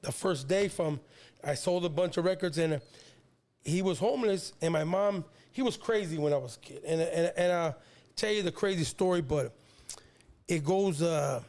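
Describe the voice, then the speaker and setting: A man's voice: fairly high pitch, normal speed, darkish tone. A man in his fifties from San Diego, a rapper guest telling a long personal story in a rambling, slangy way, often repeating words. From San Diego, California. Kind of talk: casual storytelling.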